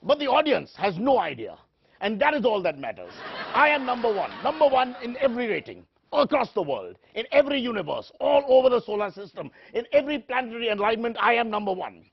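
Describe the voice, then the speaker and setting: A man playing a pompous, self-important anchor in a parody of a shouting TV debate show. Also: very high-pitched, sing-song, quick pace, creaky, slightly rough, highs cut off. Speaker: satirical news anchor.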